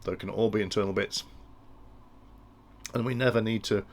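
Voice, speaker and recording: A man's voice: fairly low pitch, steady tone, moderate pace, creaky. A man explaining industrial control logic in a tutorial, thinking aloud and often restarting his sentences. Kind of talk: technical tutorial walkthrough.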